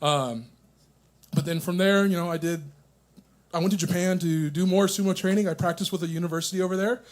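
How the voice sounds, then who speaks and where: A man's voice: high voice, fairly even intonation, brisk. A nervous young man doing a stand-up set at a coffee shop open mic, profane and self-mocking, chuckling at his own jokes. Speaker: stand-up comedian.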